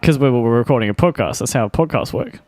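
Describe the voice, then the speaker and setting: A man's voice: medium pitch, lively intonation, fast, darkish tone, dry recording. A man co-hosting an improvised comedy podcast, rambling and hesitant, with wry humor and frequent laughs. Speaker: podcast co-host.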